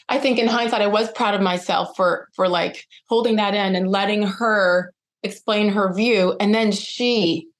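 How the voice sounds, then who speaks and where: A middle-aged woman speaking as a podcast guest, telling a personal story with lively, acted-out dialogue. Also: mid-range voice. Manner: animated, acts out quoted dialogue.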